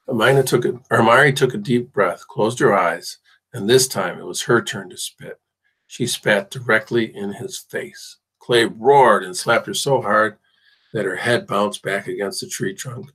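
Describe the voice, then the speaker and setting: Low husky male audiobook reader. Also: moderate pace, a bit bright, rough recording. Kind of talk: audiobook narration.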